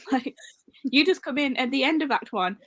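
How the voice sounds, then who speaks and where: A woman with a fairly high voice, chatting with friends on a video call. She talks bluntly and swears freely. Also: moderate pace, fairly bright tone, no room sound. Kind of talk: casual chat with friends.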